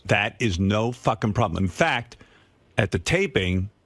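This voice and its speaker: A man hosting a radio show, chatting casually and telling animated, profane stories, sometimes mimicking people he quotes. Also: lowish voice, a little slow, dry recording. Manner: animated storyteller, swears freely, mimics others in quotes. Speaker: radio host. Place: radio studio. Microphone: close studio microphone.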